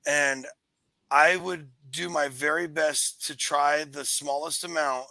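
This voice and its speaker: A man with a bright, gravelly voice and a fairly high pitch, talking in a loose, rambling way as he hosts a casual chat. The sound is dry and close, with no room around it. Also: takes it slowly, no echo, low-quality recording. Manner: rambling, animated storyteller. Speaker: show host reading live chat.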